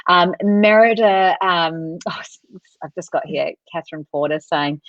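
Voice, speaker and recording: Woman co-host, lively live-chat reader of comments, lower voice, dry muffled video-call sound. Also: moderate pace, dry recording. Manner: chatty and animated, laughs often, reads out viewer comments. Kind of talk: casual live-stream chat.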